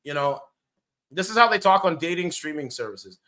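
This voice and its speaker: A man's voice: a little high, lively intonation, normal speed, pushed and bright. A man giving casual, blunt reaction commentary, rambling and swearing as he goes. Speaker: streamer commentator.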